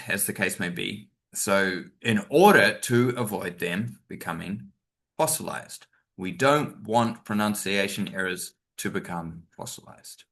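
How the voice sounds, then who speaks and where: Male teacher trainer, webinar talk, bright voice, chatty with fillers. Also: lowish voice. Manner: chatty, many fillers and asides; acts out stressed example sentences.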